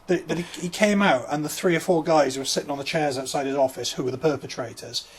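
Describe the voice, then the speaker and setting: A man's voice: a little high, fast talker, slightly rough. A man co-hosting a comedy podcast, telling a rambling anecdote full of fillers in casual chat. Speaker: podcast co-host.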